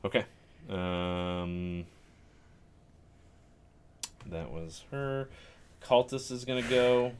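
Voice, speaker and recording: A man with a lowish voice runs a tabletop game as dungeon master, taking his time over each roll. He narrates the fight vividly between relaxed, chuckling rules talk, and a faint hiss sits under the recording. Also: drawn-out words, pauses often.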